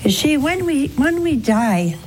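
An older woman hosting a religious call-in show, counseling a caller in a gentle, pleading, preacherly way. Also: sits high, very animated, measured pace, slight background noise. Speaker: religious TV host taking calls.

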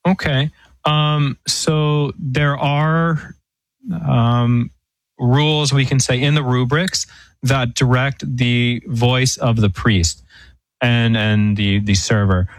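A priest on a radio call-in show, explaining church rules in a measured way with frequent pauses and fillers. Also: male voice, medium pitch, steady tone, no room sound, low-quality recording. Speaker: priest answering questions.

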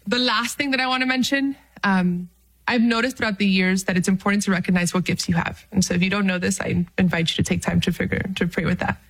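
Woman, mid-pitched, upbeat faith talk to camera, frank and self-mocking. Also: fast talker, poor audio. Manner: lively, self-deprecating, with laughs and fillers.

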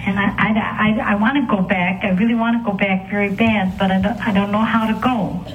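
A woman calls in over a thin, tinny phone line. She speaks haltingly, restarting and stammering over her words, with a shaky, emotional tone. Her voice sits in a middle pitch and comes through lo-fi. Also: steady tone, a little hiss or hum. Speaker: caller. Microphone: telephone.

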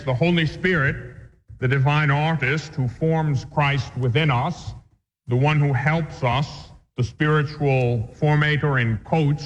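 Man, priest, catechism lecture, deliberate, earnest, echoey, lo-fi. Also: mid-range voice. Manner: earnest, deliberate, reads text then explains. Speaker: priest teaching a catechism class. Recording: echoey dull lo-fi recording.

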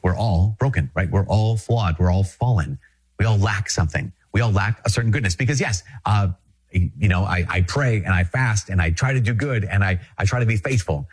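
A middle-aged priest from Minnesota talks to the listener in a husky, slightly low voice. He teaches in a conversational way, earnest and emphatic, and he drives his points home by repeating short phrases. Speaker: Catholic priest.

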